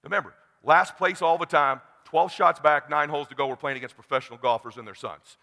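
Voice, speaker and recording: A middle-aged man from California giving a motivational talk, blunt and animated, acting out the dialogue as he tells a personal story. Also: fairly high pitch, brisk, creaky. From California, USA. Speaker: keynote speaker. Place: large conference hall. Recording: long hall reverb.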